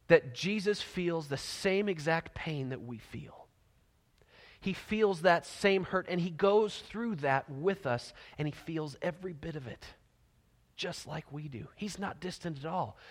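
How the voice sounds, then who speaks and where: A man preaching a sermon with a high voice, moving between lively storytelling and hushed, near-whispered lines. Long hall reverb trails each phrase. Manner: animated storytelling, dropping to soft near-whispers for emphasis. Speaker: pastor.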